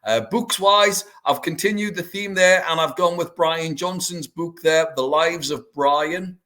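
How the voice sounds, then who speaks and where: A man's voice: fairly high pitch, a little slow, pushed and bright. A man, hosting a podcast and telling anecdotes with enthusiasm. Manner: enthusiastic, anecdotal, laughs often. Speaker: podcast host. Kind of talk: casual chat.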